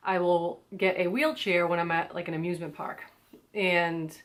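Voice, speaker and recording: A young American woman vlogger tells her viewers a story casually and chattily, saying "like" a lot and acting out quotes. Her voice is on the low side and a bit bright.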